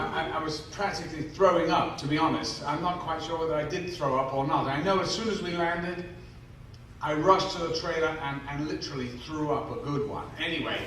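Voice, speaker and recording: A man's voice: fairly high pitch, fairly bright tone, far from the mic, a little hiss or hum. A man, telling a self-mocking story on stage to fans, acting out the voices of the people in it. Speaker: actor answering fan questions. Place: large convention hall. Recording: echoey hall, mic heard from afar.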